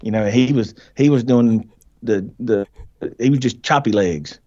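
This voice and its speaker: A man's voice: medium pitch, a little slow. Folksy storytelling man, dull lo-fi sound. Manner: animated, folksy, laughs often, quotes himself and others. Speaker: podcast guest. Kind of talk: casual storytelling.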